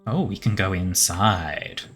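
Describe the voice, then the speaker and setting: A man streaming a game, musing aloud at a slow, easy pace and chuckling often. His voice sits low, with soft guitar game music in the background. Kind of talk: casual game commentary.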